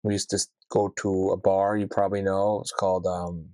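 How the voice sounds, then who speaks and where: A man's voice: fairly quick, dry recording. A young man, hosting a casual podcast chat in a loose, joking manner. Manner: loose, joking, swings up in pitch when excited. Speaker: podcast host.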